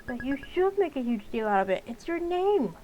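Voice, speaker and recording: A woman voicing a hot-headed, foul-mouthed teenage girl who yells and swears. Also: high-pitched, sing-song, moderate pace, dull audio, soft background music, voice pushed up. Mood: indignant. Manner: yelling, combative, swearing.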